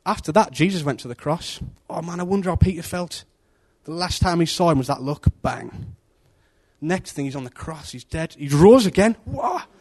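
Pitched fairly high and paced moderately, a preacher's voice tells a devotional story in an informal, conversational way. He stays animated and acts out the voices of his characters.

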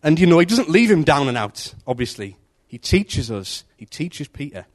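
Man, informal preacher, conversational storyteller; lively, slightly high voice. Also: normal speed. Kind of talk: informal devotional talk.

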